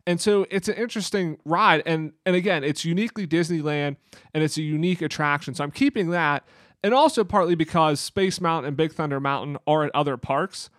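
A man's voice: fairly high pitch, fairly quick, a bit bright, dry recording, studio quality. A man co-hosting a podcast in casual chat, explaining at length with plenty of fillers and restarts. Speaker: podcast co-host.

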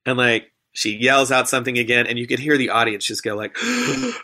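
A man, a stage performer and emcee, telling an animated story and acting out the quoted lines. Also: mid-range voice, fast.

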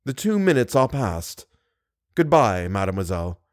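A man plays a calm, menacing masked man who weighs every word with chilling deliberation. The delivery is lively in its rises and falls, and the recording is dry and close. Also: on the low side, dry recording. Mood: coldly menacing. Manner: slow, deliberate, icily composed. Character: cold, menacing masked male genius, calm.

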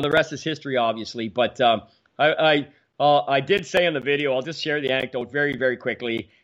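A man around sixty, a sports talk host telling hockey stories in a casual, animated way, often repeating words as he goes. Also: mid-range voice, highs cut off. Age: about 60.

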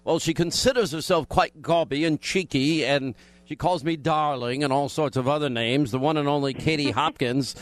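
A man hosting a radio talk show in a bantering, combative, quick-witted manner from a studio. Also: fairly high pitch, dry recording.

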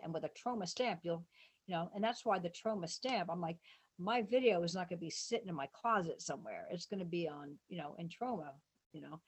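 A woman talking in a casual interview, her voice husky and a little low. She rambles through stories, jumping up in pitch when she acts out what other people said. The whole thing sounds like loose, excited storytelling. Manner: rambling, animated, quotes people in lively voices. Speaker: interview guest, musician.

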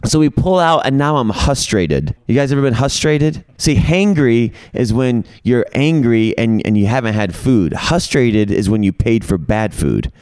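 A middle-aged man telling a long, humorous story in casual group talk, acting out his own lines and others' with lively quotes. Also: medium pitch, moderate pace, few pauses, smooth. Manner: humorous, coins playful words. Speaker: podcast guest.

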